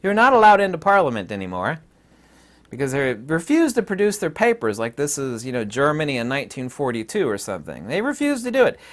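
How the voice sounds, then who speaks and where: A man's voice: medium pitch, wildly swooping pitch, fairly quick. A man from the United States talking straight to his viewers in an emphatic, ranting monologue. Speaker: vlogger. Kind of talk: casual monologue to camera.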